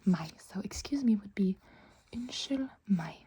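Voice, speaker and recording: Woman, whispered ASMR lesson, very slow, soft patient repetition, close mic. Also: medium pitch, lively intonation, slight background noise. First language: Norwegian. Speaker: language teacher.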